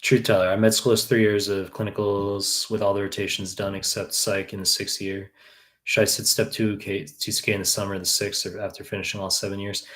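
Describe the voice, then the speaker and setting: A man's voice: lowish voice, little pitch movement, brisk, fairly bright tone. A man in his thirties from New York, a tutor answering viewer questions on a live stream in a blunt, profane way with many fillers. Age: 30s. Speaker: exam prep tutor.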